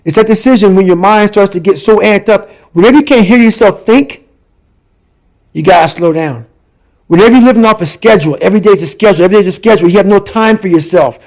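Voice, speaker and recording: A middle-aged man giving an intense motivational talk as a podcast guest, forceful and repetitive in his emphasis. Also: high voice, quick pace.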